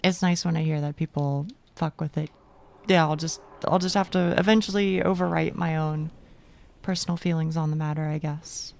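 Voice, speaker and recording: Gravelly-voiced woman streamer chatting. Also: deep voice, fairly even intonation, moderate pace, a little mellow. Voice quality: gravelly, gruff voice. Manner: rambling, self-interrupting, laughs often. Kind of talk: casual chat while gaming.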